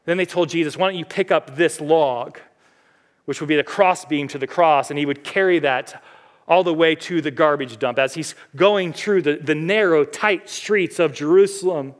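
Man, pastor, sermon, fairly high voice, dramatic swells in volume. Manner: dramatic, rising to loud high climaxes then dropping to quiet.

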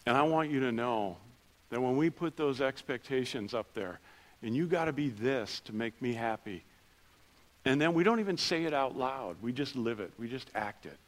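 A middle-aged man preaching a sermon in church, telling personal stories with self-deprecating humor and dropping soft and low for quiet moments. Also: lively intonation, moderate pace. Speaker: pastor.

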